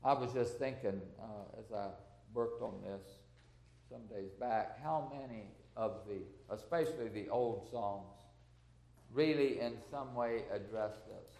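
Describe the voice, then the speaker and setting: An older man preaching a sermon to a congregation, earnest and unhurried, working through numbered points and asking the listeners questions. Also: lowish voice, creaky, a little mellow, reverberant.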